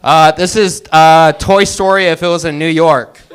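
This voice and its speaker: A man's voice: on the high side, level tone, normal speed. A man doing a stand-up set, introducing bit after bit with plain setups. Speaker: stand-up comedian. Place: open mic comedy venue, indoors.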